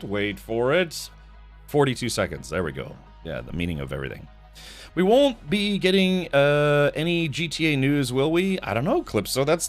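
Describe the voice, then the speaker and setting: A man hosting a live stream in casual chat, tired, rambling through stories and making mouth sound effects. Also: a little high.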